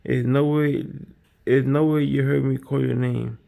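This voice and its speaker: A man bakes in his home kitchen while streaming, chatting casually with viewers and rambling, often repeating himself. His medium-pitched voice is warm and level, unhurried, with some vocal fry.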